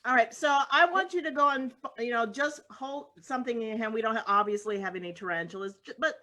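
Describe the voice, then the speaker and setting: Over a video call, a woman plays a casting director in an improv comedy scene, speaking in a rambling, halting way full of fillers. Her voice is fairly high-pitched, bright and forceful.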